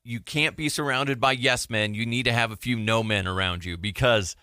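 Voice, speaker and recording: A man hosting a loose studio chat, joking and riffing, with mimicry mixed in. His voice is bright and tense, and the sound is dry and close to the mic. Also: mid-range voice, dry recording. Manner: jokey, quick to mimic others. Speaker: podcast host. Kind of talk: casual chat. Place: radio studio.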